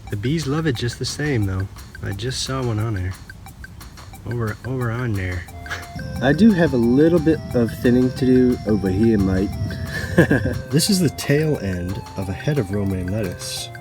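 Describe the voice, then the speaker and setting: A man's voice: mid-range voice, expressive, moderate pace, music in the background. A man hosting a gardening channel, stumbling over his lines, restarting and laughing at himself. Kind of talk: blooper reel of casual garden vlogging.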